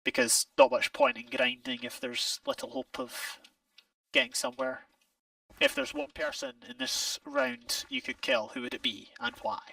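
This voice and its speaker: A man's voice: extremely high pitch, big pitch swings, normal speed, creaky, pushed and bright, dry recording, far from the mic, rough recording. A Scottish man chatting casually while playing a game, rambling and correcting himself, laughing often. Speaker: game player. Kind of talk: casual gameplay chat.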